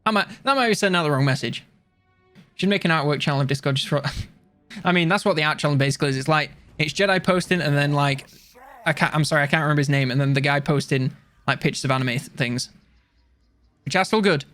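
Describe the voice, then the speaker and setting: A young man streams a strategy game with a voice sitting a little high for a man. He rambles casually, cracking self-deprecating jokes and muttering about his next move. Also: a bit bright, faint music behind. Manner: rambling, self-mocking, quick asides and jokes. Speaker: gaming streamer. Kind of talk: casual let's-play commentary.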